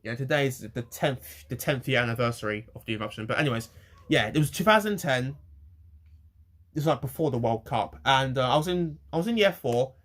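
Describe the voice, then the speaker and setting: A man's voice: medium pitch, a bit bright. Rambling young man ranting. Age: young adult. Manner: rambling, halting, swears freely. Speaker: vlogger. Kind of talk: casual rant to camera.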